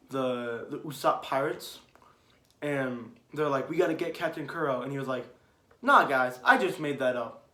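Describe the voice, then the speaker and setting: Rambling young man in an echoey room. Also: fairly high pitch. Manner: rambling, restarts, grows excited and loud. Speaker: anime commentator. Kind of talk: casual ranking chat.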